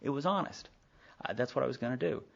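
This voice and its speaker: On a dull lo-fi tape from a live meeting, a middle-aged man recounts his recovery to the group. His medium-pitched voice is creaky, animated and fast as he speaks candidly, acting out dialogue and adding many asides.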